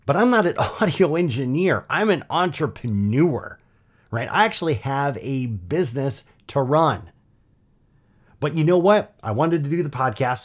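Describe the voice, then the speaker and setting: A middle-aged man hosting his own podcast, telling a personal story in a chatty, animated way with lots of asides. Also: medium pitch. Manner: conversational, animated storytelling with frequent "you know" and "right?". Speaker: podcast host.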